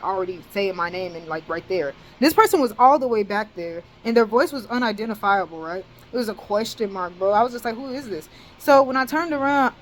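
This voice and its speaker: A woman's voice: medium pitch, rough recording. A young woman in college telling a storytime vlog in casual, slangy speech, full of cursing and fillers like "bro.". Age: young adult. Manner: slangy, profane and animated, with many fillers like "bro" and "dead ass".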